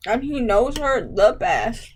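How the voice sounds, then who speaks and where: A woman's voice: a little high, expressive, slow pace, a little hiss or hum, rough recording. A young woman chatting casually to camera as a vlogger, rambling with lots of "like" and casual swearing.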